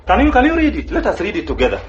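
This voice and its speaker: Emphatic pastor, high lively voice. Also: male voice, rapid-fire, echoey room, dull audio, slight background noise. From Kenya. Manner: emphatic preaching, repeats key phrases. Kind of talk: sermon.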